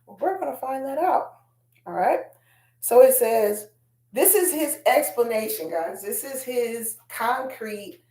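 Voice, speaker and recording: A woman's voice: mid-range voice, a little mellow, roomy sound. A woman hosting a casual commentary vlog, chatting straight to her viewers and reading quotes aloud. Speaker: host.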